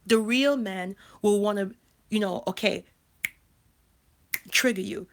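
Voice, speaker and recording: This thirty-something woman, who is a life coach and channel host, talks slowly in a mid-range voice during a casual livestream. She's emphatic, often repeats phrases, and keeps restarting.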